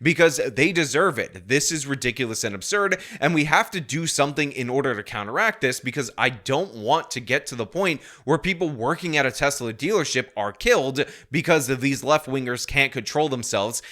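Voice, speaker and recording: A man's voice: mid-range voice, animated, a little fast, hardly any pauses, sharp tone. A man hosting political commentary, speaking with indignation and sometimes mimicking his opponents mockingly. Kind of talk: opinion commentary.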